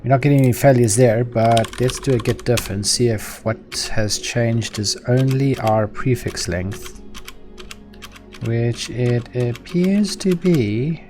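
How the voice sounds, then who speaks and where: A man's voice: medium pitch, slow. A South African man on a casual live coding stream, muttering commands aloud as he types, chatting with viewers and swearing freely. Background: background music and keyboard typing.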